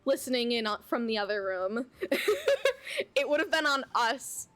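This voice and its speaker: A young adult woman streamer telling a casual story at home while she plays, animated and chatty, full of "like" and the odd swear word. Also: on the high side, brisk, soft background music. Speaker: VTuber streamer. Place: home, at her computer.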